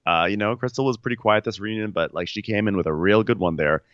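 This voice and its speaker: A man's voice: on the low side, fast, fairly bright tone, dry recording, dull audio. A man co-hosting a comedy podcast, retelling reality-show moments in casual, exasperated, incredulous chat. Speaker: podcast co-host.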